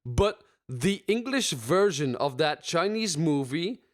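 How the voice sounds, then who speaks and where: Brief: male co-host, somewhat high voice, blunt and profane banter. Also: very animated, slow pace. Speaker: podcast co-host. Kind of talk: casual chat.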